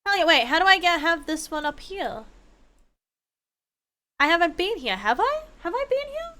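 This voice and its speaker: A young woman streaming a game, chatting casually in a rambling way, swearing freely and breaking into excited outbursts. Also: extremely high pitch, moderate pace. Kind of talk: casual gameplay chat.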